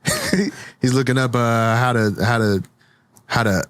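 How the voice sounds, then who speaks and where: A man's voice: mid-range voice, huge pitch swings, unhurried, fairly bright tone, no room sound. Playful guest guy tossing in jokes, voice bouncing all over, dry mic. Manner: playful interjections, giggly. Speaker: podcast guest. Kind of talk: casual improv chat.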